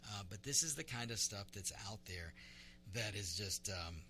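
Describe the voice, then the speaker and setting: A man's voice: fairly low pitch, animated, moderate pace, pushed and bright, slight background noise. A man hosting a talk radio show. He gives opinionated commentary in an emphatic way and often repeats words as he restarts.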